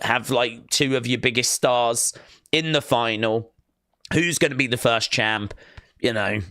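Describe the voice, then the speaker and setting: A man's voice: mid-range voice, a bit bright, dry recording, clean studio sound. A man hosting a casual live watch-along stream, chatting loosely and reading viewer comments aloud.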